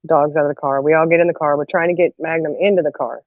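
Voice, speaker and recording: A woman with a low, fast voice is hosting a casual chat, telling a funny family story. She is animated, laughs often, and acts out the quotes. The recording is dry, dull, and lo-fi.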